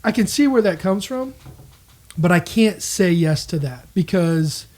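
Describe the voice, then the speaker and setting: Earnest higher-voiced man confessing on a podcast. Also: expressive, a little slow, darkish tone. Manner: earnest, self-critical, quotes people in acted voices. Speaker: podcast co-host. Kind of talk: candid marriage podcast talk.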